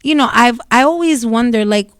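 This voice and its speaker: Blunt, profane young woman, smooth voice. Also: fairly high pitch, normal speed, a bit bright, no echo, clean studio sound. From Dominican family in New York. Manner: blunt, profane, rambling storytelling. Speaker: vlogger. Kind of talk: casual monologue to camera.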